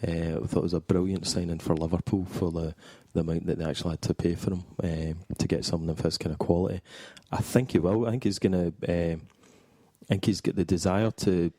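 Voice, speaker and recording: Deep, mellow male pundit. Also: steady tone, no room sound. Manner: measured, thinks aloud with ums. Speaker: football expert guest. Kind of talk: casual football panel chat.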